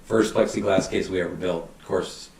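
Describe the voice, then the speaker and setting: A middle-aged man, a fire battalion chief, telling animated anecdotes and acting out quotes in a casual interview. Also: deep voice, moderate pace, a little hiss or hum. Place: podcast studio. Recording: roomy, somewhat distant mic.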